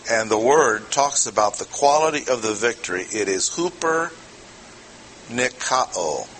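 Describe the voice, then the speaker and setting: Man, pastor, bright forceful voice, chatty sermon, questions to the audience, faint room ambience. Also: medium pitch, lively intonation, a little slow, slight background noise, low-quality recording. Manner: conversational, asks the audience questions. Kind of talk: expository sermon.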